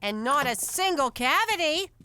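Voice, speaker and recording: An actress voicing a doting mother in an animated comedy, sweet and coddling. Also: high voice, normal speed, no room sound, full character voice. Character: doting mob wife and mother.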